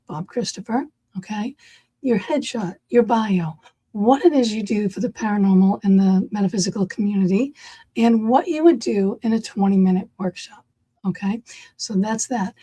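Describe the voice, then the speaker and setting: Hoarse, husky-voiced woman host. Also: mid-range voice, dark tone, low-quality recording. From Massachusetts. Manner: chatty, enthusiastic. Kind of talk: casual chat.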